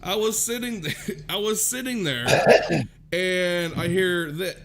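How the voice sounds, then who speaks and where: A man's voice: sits high, slow pace, crowd noise. A man casually telling a story, laughing often and swearing freely. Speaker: vlogger.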